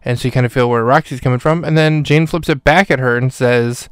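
A male podcast host talks through a film review in a loose, rambling way, full of fillers and restarts. His voice is smooth and clear at an ordinary pitch. The microphone sits close in a dry, dead space. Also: steady tone, fairly quick, hardly any pauses, dry recording. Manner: rambling, filler-heavy, self-correcting. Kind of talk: casual spoken review.

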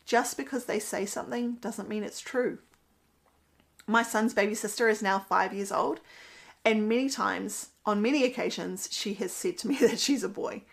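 A woman's voice: mid-range voice, normal speed, gravelly. A woman, a mother talking earnestly about parenting in a casual monologue, laughing now and then at her own stories. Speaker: mother giving parenting commentary. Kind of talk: casual monologue with Bible quotes.

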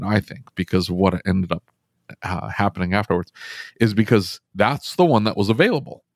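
Male, low register, dry close-mic sound; animated podcast storyteller who restarts often. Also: no echo. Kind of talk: casual podcast conversation.

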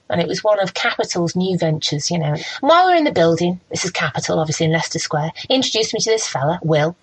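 Lively, expressive woman. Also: lowish voice, fast, husky, rough recording. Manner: very expressive, animated, laughs often. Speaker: radio and TV presenter. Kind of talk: casual storytelling interview.

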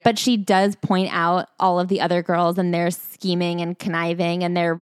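A woman co-hosting a podcast, retelling a memoir in a gossipy, animated casual chat. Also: lowish voice, normal speed, clean tone, no room sound, studio quality. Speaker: podcast co-host.

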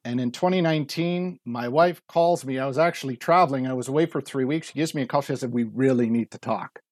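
A man's voice: fairly high pitch, quick pace, dry recording, clean studio sound. A man in his forties telling his story earnestly as a podcast guest, acting out quoted speech. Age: 40s. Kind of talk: casual interview talk.

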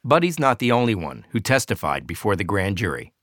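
A man narrating a documentary news story in a measured, scripted way. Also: lowish voice, very animated, fairly bright tone, no echo, studio quality. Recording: music bed under the voice.

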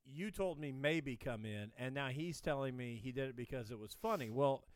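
Brief: wry dad co-host, smooth voice, dry close sound. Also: male voice, mid-range voice, animated, moderate pace, no room sound. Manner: wry, teasing questions. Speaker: podcast co-host, father. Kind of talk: casual chat.

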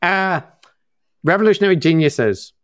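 A man's voice: high voice, expressive, moderate pace, fairly bright tone, no echo, studio quality. A man with a Northern Irish accent co-hosting a podcast, teasing in a wry, casual chat and reading out lists of supporter names. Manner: wry, teasing, reads long name lists. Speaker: podcast co-host.

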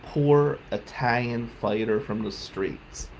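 A man telling a personal story on his podcast, heartfelt, moving between loud emphasis and quiet reflection. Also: medium pitch, slow, creaky, a little hiss or hum, rough recording. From South Jersey. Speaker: podcast host.

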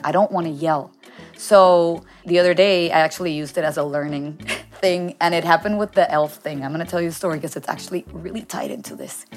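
A woman hosting a casual talk show, a mother of three telling a story in an animated, chatty way. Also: fairly low pitch. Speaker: host.

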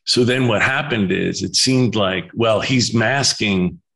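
A male podcast co-host with a somewhat low voice. He talks in a relaxed, conversational way, with fillers and restarts as he recalls things. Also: slow pace, creaky. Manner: conversational, uses many "you know" fillers and restarts. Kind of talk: podcast interview.

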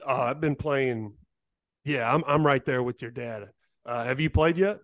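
A man, a former player, talking as a podcast guest in a relaxed, rambling way full of uhs. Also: medium pitch, no room sound. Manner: relaxed, rambling, halting with fillers. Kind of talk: casual interview chat.

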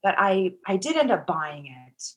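A woman's voice: medium pitch, very animated, normal speed, slightly rough, lo-fi sound. A middle-aged woman telling a personal story as an interview guest, rambling with lots of "like" and frequent swearing. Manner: rambling, profane, heavy use of "like".

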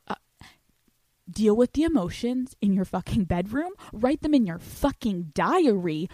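Young woman podcast host, brash and foul-mouthed, medium pitch, dry close sound. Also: a little slow, no echo. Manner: blunt, profane, animated. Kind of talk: casual advice monologue.

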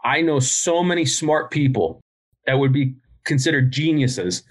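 A man's voice: medium pitch, animated, measured pace. A middle-aged man, a podcast guest and business founder, telling stories bluntly in casual interview talk and swearing freely.

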